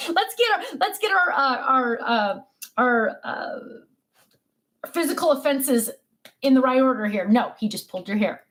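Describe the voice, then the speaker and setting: An older woman with a slightly high voice chats in a relaxed, rambling way. She tells family stories in a casual tone, full of fillers and restarts. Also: measured pace. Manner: chatty storytelling, many fillers and restarts. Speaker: craft vlogger. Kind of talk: casual chat.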